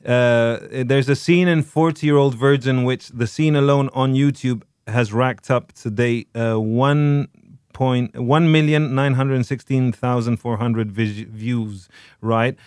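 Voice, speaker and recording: A man's voice: medium pitch, fairly even intonation, takes it slowly, darkish tone, clear, resonant tone, no echo, clean studio sound. Chatty man hosting a podcast. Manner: chatty, restarts often, emphatic. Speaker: podcast host. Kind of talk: casual commentary on film.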